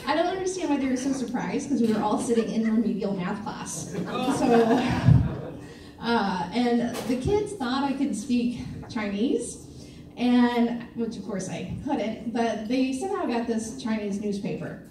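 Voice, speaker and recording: A woman from Missouri doing a stand-up comedy set on a club stage, with a dry, self-deprecating delivery full of pauses and fillers. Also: a little high, lively intonation, a crowd in the background. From Missouri, USA. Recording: echoey club room, mic from a distance, faint ambience.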